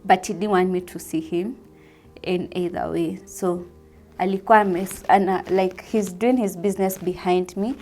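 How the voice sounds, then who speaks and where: A young woman with a Kenyan accent telling a personal testimony in a soft-spoken way, mixing English with Swahili. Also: on the low side, fairly even intonation, normal speed, soft background music. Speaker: vlogger sharing a personal testimony.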